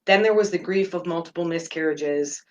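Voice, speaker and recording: A woman hosting a meditation podcast, talking about personal matters in earnest, halting phrases. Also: fairly low pitch, a little mellow, muffled recording, slight background noise. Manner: earnest and open, speaks in halting phrases with fillers. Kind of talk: personal reflective talk.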